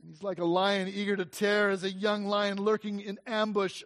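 A male pastor preaching a sermon in a church. He swings from loud emphatic peaks to quiet intimate asides, repeats phrases for emphasis and asks the congregation questions. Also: high voice, flat delivery, moderate pace, few pauses.

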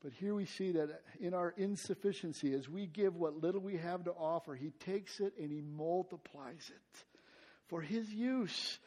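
At a moderate pace, a man preaches a sermon in his role as pastor. Stressed points come out louder and higher, while his prayers turn soft and quiet.

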